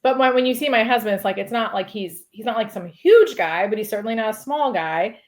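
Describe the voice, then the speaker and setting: A woman's voice: fairly high pitch, a little fast. Chatty woman telling a story, laughing often. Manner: animated, laughs often, heavy use of "like". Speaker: podcast guest. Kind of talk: casual storytelling.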